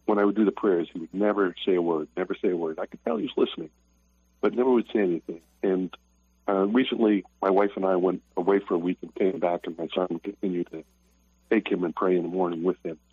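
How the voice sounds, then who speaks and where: An older man calling into a radio show, sharing a personal testimony in an earnest, halting way with many restarts. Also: sits low, husky, no echo. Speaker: caller. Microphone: telephone. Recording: tinny phone line.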